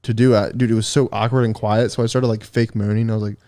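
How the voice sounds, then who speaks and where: A man's voice: lowish voice, flat delivery, fast talker, warm tone, no room sound, studio quality. A young man on a podcast, laughing sheepishly as he tells an awkward story and saying "dude" a lot. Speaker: podcast co-host. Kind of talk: casual storytelling chat.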